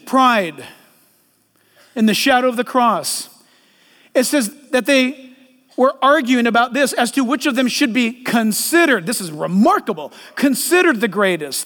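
A man preaching a sermon as a pastor, animated and acting out voices in the quotes. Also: very high-pitched, in a large hall.

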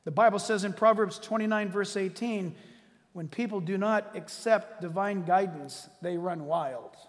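A man preaching a sermon to his church, animated and joking, swinging between loud declarations and hushed asides. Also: sits high, a little slow, in a large hall. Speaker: pastor. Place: church hall.

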